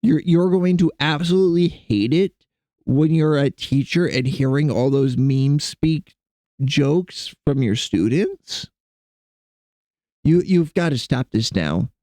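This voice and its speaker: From his computer desk at home, a young man live-streams, rambling and joking with his chat and talking to his cats. His voice is on the high side, slow, and mellow, with no echo.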